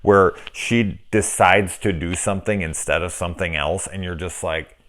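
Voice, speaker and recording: Deep-voiced middle-aged man ranting casually. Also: fairly even intonation, normal speed, a bit bright. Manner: profane, ranting, acts out quoted reactions. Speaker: film reviewer. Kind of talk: casual spoken film review.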